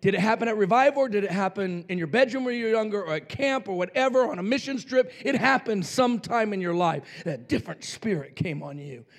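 Fervent male preacher, high voice, swings from shouting to hushed. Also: lively intonation, quick pace, gravelly, hardly any pauses. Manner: fervent preaching, swinging between loud shouts and near-whispers. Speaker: pastor. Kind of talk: sermon.

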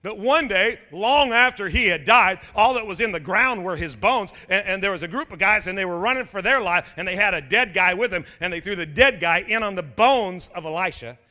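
A male pastor preaches with a voice that swoops wildly up and down, stumbling over restarts before bursting into shouts. His bright, cutting tone rings out into the long reverb of a big hall. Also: high-pitched, a little fast, hardly any pauses. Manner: animated, stammering restarts, shouted exclamations, jokey asides. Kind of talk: energetic sermon.

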